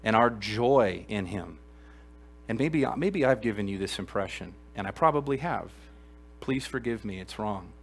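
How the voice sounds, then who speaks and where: Guy pastor preaching in church, gets loud then drops quiet, keeps asking the crowd stuff. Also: lowish voice, expressive, normal speed, gravelly, a little hiss or hum. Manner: emphatic, swings between loud exclamations and quiet earnest asides; addresses the congregation directly with questions. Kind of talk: sermon.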